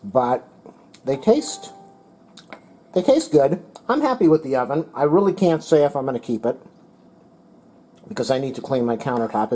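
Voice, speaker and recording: Mellow-voiced man reviewing a toaster oven. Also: mid-range voice, a little hiss or hum, low-quality recording. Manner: plain, methodical, talks while demonstrating and eating. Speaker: product reviewer. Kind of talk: casual product review narration. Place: home kitchen, indoors.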